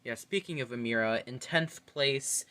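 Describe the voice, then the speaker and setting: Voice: medium pitch, moderate pace, bright, forceful tone. A young adult vlogger giving a casual, blunt and opinionated ranking monologue, swearing freely. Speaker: reality TV fan vlogger.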